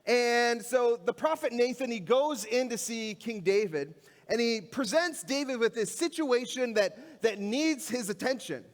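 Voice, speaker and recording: A man's voice: very high voice, animated, unhurried, long reverb tail. A male pastor preaching a sermon in a church, retelling a scripture story in everyday, conversational words. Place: church sanctuary.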